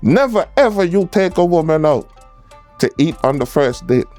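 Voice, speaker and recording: A male commentary host speaks straight to his audience, preachy and direct. His pitch swings widely from line to line. Faint music sits under his voice. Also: very animated, moderate pace, a little mellow. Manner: preachy, addressing viewers directly. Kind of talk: reaction commentary.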